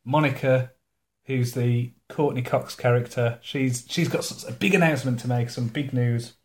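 A man's voice: mid-range voice, fairly even intonation, normal speed, a little mellow. A man, co-hosting a casual podcast, joking sarcastically about a TV episode and swearing freely. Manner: sarcastic, sweary, laughs often. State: recovering from an ear infection. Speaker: podcast co-host.

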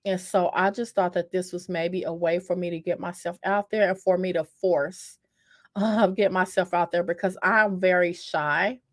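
This vlogger's voice is lowish, with fairly even intonation and a moderate pace, as she recounts a dating story to camera in a chatty, self-mocking way. Fillers and repeats abound, and she calls viewers "y'all." There's no room sound, and the audio is studio quality.

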